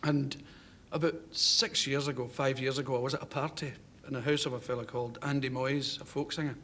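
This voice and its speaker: A man's voice: mid-range voice, fairly even intonation, a little fast, bright, forceful tone. A Scottish man in his thirties with a Glasgow accent, telling stories on a chat show and laughing through them. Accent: Glaswegian Scottish. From Scotland. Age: 30s. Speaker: comedian guest. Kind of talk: anecdotal chat show storytelling. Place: television studio with audience. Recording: noisy 1970s television audio.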